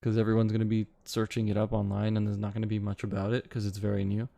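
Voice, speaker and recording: A man's voice: on the low side, monotone, fast, vocal fry, mellow, no room sound. A young man, chatting casually with his live-stream audience, rambling and swearing now and then. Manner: rambling, swears casually, reads chat aloud. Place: home, city with bootcamps he attended.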